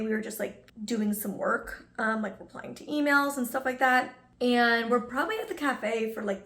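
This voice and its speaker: A woman's voice: on the high side, fairly bright tone, roomy sound. A young woman vlogger telling a personal story in a casual, chatty way, full of asides to her viewers.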